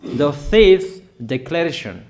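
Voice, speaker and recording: A male preacher delivers prophetic declarations in a deliberate, very unhurried cadence. His voice sits fairly high for a man, and he hammers each point home with emphatic repetition. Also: big pitch swings, darkish tone, soft background music. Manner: slow, emphatic, repetitive proclaiming.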